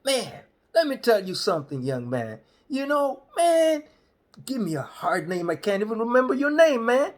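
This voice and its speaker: A comedian voicing a suspicious, grumpy old male barber who rants loudly and accusingly in casual slang. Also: very high voice, sing-song, moderate pace, pitched above the performer's own voice. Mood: ranting. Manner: loud, accusing, rambling rant in casual slang. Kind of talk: stand-up storytelling.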